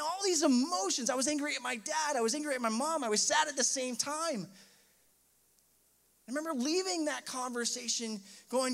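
A young pastor preaches to his congregation in a high, light, fairly bright voice with vocal fry and a moderate pace. He shares a personal story, rising into impassioned, emotional outbursts before calming again.

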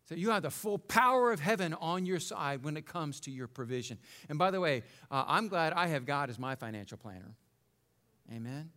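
A male pastor preaching a sermon in an animated, conversational way, joking and checking in with the congregation. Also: fairly high pitch, brisk.

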